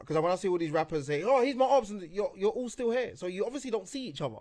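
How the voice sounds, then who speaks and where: High-voiced man riffing. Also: animated, rapid-fire, a crowd in the background. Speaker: podcast guest. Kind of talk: casual chat.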